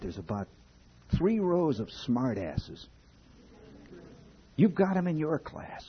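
A man with a husky voice telling a wry, profane comic story to an audience, building from low asides to loud outbursts. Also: very animated, slow pace, highs cut off. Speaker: humorist speaking to an audience.

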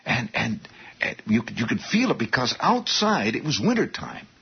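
A man tells a long, rambling story with restarts and asides to his listeners. His voice is very husky and fairly low, and it swings widely in pitch. The recording is dull and lo-fi. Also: very animated, moderate pace. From Indiana, US. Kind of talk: storytelling monologue.

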